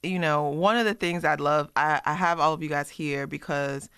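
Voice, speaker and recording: A woman hosting a community radio talk show, lively and slangy, who laughs often. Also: sits low, normal speed, clear, resonant tone, dry recording, clean studio sound. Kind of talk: casual talk radio chat.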